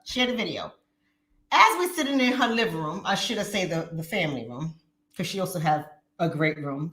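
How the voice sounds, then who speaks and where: A woman hosting her channel, chatting casually and talking straight to her viewers in an animated way. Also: medium pitch. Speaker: channel host. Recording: roomy echo.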